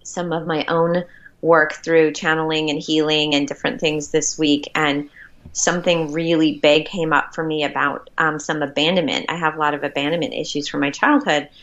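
A woman's voice: low voice, flat delivery, moderate pace, a bit bright. A woman co-hosting a podcast, sharing a personal story in an earnest, open way. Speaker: podcast co-host. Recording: dull lo-fi sound.

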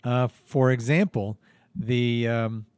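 A podcast host with a clear, resonant, slightly mellow mid-range voice speaks slowly and fairly evenly, with no echo. His comedic improvised banter is dry, theatrical and self-mocking.

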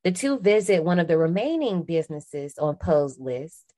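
A woman's voice: lowish voice, big pitch swings, moderate pace, mellow. A woman in her twenties, a podcast co-host, recapping a film in casual, slangy chat and laughing often.

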